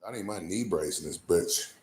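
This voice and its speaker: A man's voice: deep voice, normal speed, darkish tone. A man doing rambling livestream banter, crude and trash-talking, answering his chat. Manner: sings off-key bursts of a ballad.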